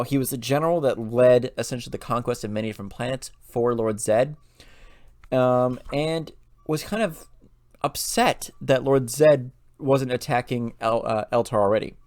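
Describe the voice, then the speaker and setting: A man's voice: mid-range voice, a little mellow, no room sound. A man hosting a lore channel, retelling a story casually with loose fillers and restarts.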